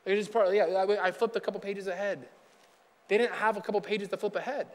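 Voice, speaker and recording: A male pastor preaches in a relaxed, conversational way and slips into quick acted-out bits of dialogue. He talks fast in a fairly high voice. A long reverb from a big church auditorium trails behind his words. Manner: chatty, acts out dialogue in quick asides. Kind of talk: casual conversational sermon.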